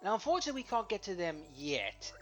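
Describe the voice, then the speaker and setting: A man casually narrating his own playthrough, reacting out loud to whatever happens on screen. His pitch swings up and down a lot, and faint music plays underneath. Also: sing-song, fast talker. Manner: chatty, reacting to the game as he plays. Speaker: let's play host. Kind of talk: casual gameplay commentary.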